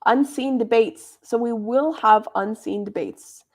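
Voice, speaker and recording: A woman's voice: on the high side, a little slow. A young woman leading a debate club workshop, explaining in a chatty, informal teaching manner. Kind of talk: explaining debate judging criteria.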